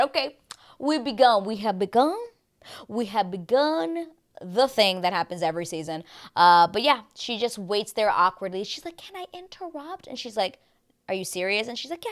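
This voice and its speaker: A young woman recaps reality TV in a casual, gossipy chat. Her voice sits low, but it swings widely as she acts out the people she describes. She talks in quick bursts and stays chatty throughout. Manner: gossipy, animated, slips into squealing quoted voices.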